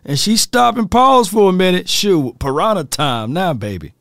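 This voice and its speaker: A man's voice: sits high, expressive, normal speed, vocal fry, fairly bright tone, no echo, studio quality. A man hosting a casual sports talk show, joking, laughing often and talking straight to his viewers.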